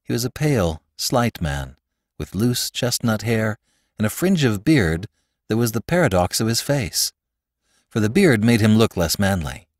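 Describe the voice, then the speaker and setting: A man narrating a classic short story in an expressive, dramatic reading style. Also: fairly low pitch, unhurried, no room sound, studio quality. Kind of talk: scripted audiobook narration.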